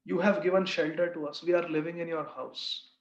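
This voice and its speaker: A man voicing a gentle, confident mother of five sons in a retold scripture story. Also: a little high, fairly even intonation, brisk, creaky. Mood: reassuring. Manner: soothing, confident. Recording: roomy, slightly dull recording.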